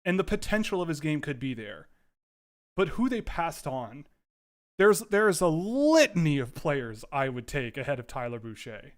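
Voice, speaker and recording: A man hosting a casual livestream from home, giving rambling, animated commentary with frequent restarts. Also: fairly high pitch, moderate pace. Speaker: livestream host.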